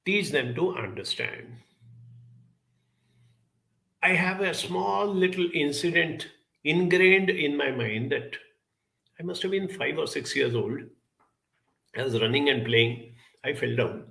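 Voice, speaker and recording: A man giving an earnest, reflective talk, telling a childhood story in a measured way with lively emphasis. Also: fairly high pitch, gravelly.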